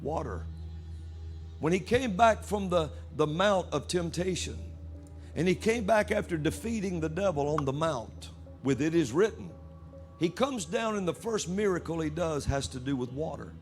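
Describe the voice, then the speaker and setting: A man preaching a sermon at a church service, reading scripture aloud with animated delivery. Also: fairly high pitch, normal speed, soft background music.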